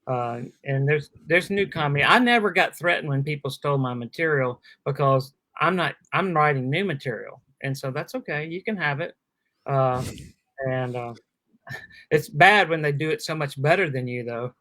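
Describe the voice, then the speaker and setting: A man who is a guest comedian on a podcast, telling animated anecdotes and acting out quotes in casual chat. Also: a little high, moderate pace, no echo.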